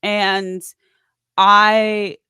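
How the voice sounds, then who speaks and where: A woman's voice: medium pitch, drawn-out words, clean tone, dry recording, clean studio sound. A woman guest in an interview, telling her story casually and acting out what others said. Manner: animated, acts out quoted voices.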